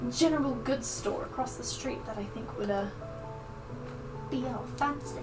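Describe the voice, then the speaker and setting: A woman's voice: high voice, moderate pace, far from the mic, loud music behind the voice, natural voice, rough recording. A woman playing a gracious noble lady.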